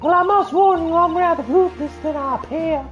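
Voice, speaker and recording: A man doing a shrill prim lady juror. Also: fairly quick, fairly bright tone, lo-fi sound, soft background music.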